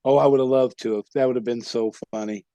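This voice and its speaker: Gravelly man telling rowdy wrestling stories. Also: mid-range voice, fairly even intonation, fast talker, mellow, no room sound, highs cut off. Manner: rowdy, profane storyteller who laughs at his own pranks. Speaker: guest, former pro wrestler. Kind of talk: casual storytelling interview.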